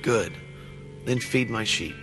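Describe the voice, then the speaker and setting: A man playing a calm, gentle Jesus in a church skit, asking brief patient questions over guitar music. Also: lowish voice, slow, gravelly, exaggerated voice.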